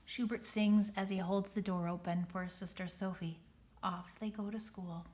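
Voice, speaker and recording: A woman reads a children's storybook aloud at a mid pitch. Her storytelling is clear and even, pacing each page for young listeners. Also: normal speed. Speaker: storybook reader.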